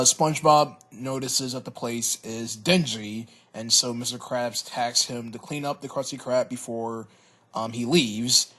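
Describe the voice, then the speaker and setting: A man giving a casual cartoon episode review, hesitant, often repeating words and filling pauses. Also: medium pitch, a bit bright. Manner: hesitant, stammers and repeats words, many fillers.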